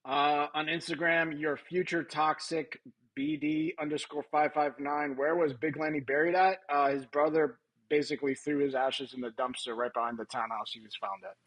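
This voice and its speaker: A man with a bright, forceful voice hosts a live stream in a loose, casual way. He thinks aloud, swears freely and laughs easily between clips. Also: on the high side, normal speed, rough recording.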